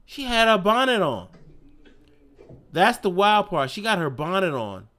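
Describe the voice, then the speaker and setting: A man's voice: sits high, big pitch swings, a little slow, pushed and bright. A man streaming live, reacting to clips in casual, slangy chat and laughing often.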